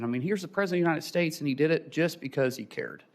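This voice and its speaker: Nominee, middle-aged man, emotional testimony, stumbling and restarting, voice near tears. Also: on the high side. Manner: halting, many restarts, chokes up. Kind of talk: emotional personal story.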